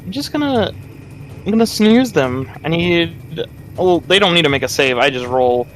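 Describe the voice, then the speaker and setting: A man's voice: on the high side, expressive, moderate pace, fairly bright tone, a little hiss or hum, poor audio. A man playing a tabletop game, joking as he describes his character's moves. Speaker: player.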